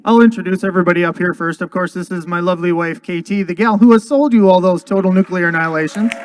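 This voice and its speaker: High-voiced, joking company owner on stage. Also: male voice, steady tone, fast. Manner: joking, heartfelt, rambling. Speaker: pinball company owner presenting a seminar. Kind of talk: casual convention presentation. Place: convention seminar room.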